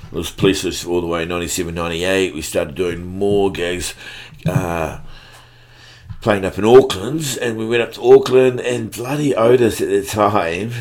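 Deep voiced kiwi guy in his 40s rambling about the old days, swears a lot, lotta fillers. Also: normal speed, darkish tone. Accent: New Zealand. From New Zealand. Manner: laid-back, swears freely, lots of fillers. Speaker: guest musician. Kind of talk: casual storytelling chat.

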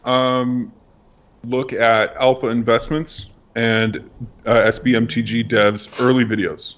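Male guest creator, relaxed and candid in panel chat, dull lo-fi audio. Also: mid-range voice, takes it slowly, a little hiss or hum.

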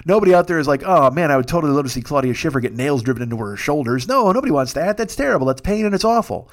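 Solo podcast host, forties man, quick rambling profane delivery, resonant pleasant voice. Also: fairly high pitch, lively intonation. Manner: rambling, profane, self-deprecating storytelling.

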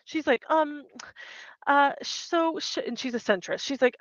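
Animated woman on a muffled mic. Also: high voice, moderate pace, dry recording. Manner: animated, acts out quotes, swears casually. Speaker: podcast co-host. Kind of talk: casual recap chat.

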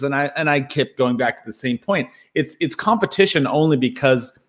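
A man's voice: mid-range voice, animated, moderate pace, hardly any pauses, a bit bright. A man hosting a podcast, thinking aloud as he talks and poking fun at himself for rambling. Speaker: podcast host. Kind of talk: casual conversational interview.

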